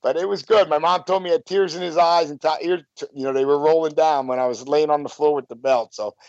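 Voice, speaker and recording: A man's voice: fairly high pitch, fairly even intonation, quick pace, darkish tone, no room sound. A man in his fifties, a former wrestler, tells rambling stories in a casual interview, full of restarts and "you know". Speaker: guest, former pro wrestler. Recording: dull lo-fi, dry sound.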